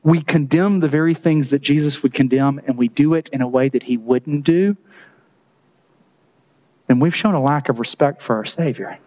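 A male pastor preaching a sermon with a slightly higher voice than most men. He keeps it loose and conversational, tossing in jokes and chuckling at his own asides. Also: moderate pace, warm tone, dull audio.

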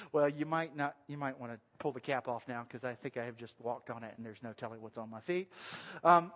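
A male pastor preaching a sermon in a church, talking in a conversational, animated way and joking with the congregation. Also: medium pitch, fairly quick. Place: church sanctuary. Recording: long reverb of a large hall.

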